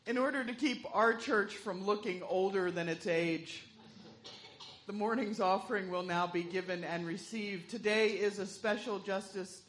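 A woman's voice: medium pitch, normal speed, fairly bright tone, slight background noise. A woman leading part of a church service, telling a story joke and then giving offering announcements. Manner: storytelling, then matter-of-fact. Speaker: worship leader.

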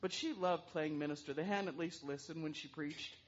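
A woman telling a story aloud in an animated way, throwing in sound effects. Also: deep voice, a little fast, muffled recording. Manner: lively, with vocal sound effects.

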